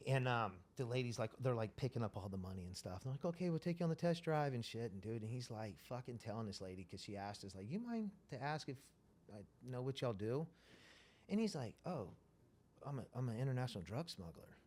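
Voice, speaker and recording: A man's voice: medium pitch, lively intonation, a little fast, a little mellow. Profane, rambling male storyteller. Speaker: interview guest. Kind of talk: casual storytelling.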